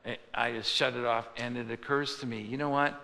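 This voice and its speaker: A man's voice: medium pitch, steady tone, a little fast, gravelly, pushed and bright. A male pastor preaching a sermon in a conversational style, acting out the voices of people he quotes. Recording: long hall reverb.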